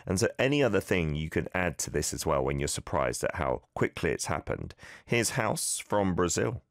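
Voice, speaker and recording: A man with a deep, low voice hosts a casual radio language lesson from a studio. His pitch swings widely as he corrects pronunciation, repeating each example. The recording is dry and close. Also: big pitch swings, moderate pace, vocal fry, no echo. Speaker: radio host teaching Korean.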